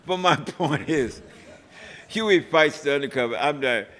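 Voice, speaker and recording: Older man, animated storyteller in an echoey hall. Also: fairly high pitch, measured pace. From United States. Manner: lively, chuckling, acts out shouts and voices. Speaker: activist recounting history.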